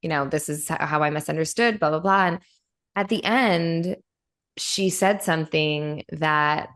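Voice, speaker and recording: A woman podcast host talks in a loose, candid chat, pitched a little low for a woman. She rambles freely and fills her talk with "like.". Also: moderate pace. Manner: candid, rambling, says "like" often. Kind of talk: casual chat.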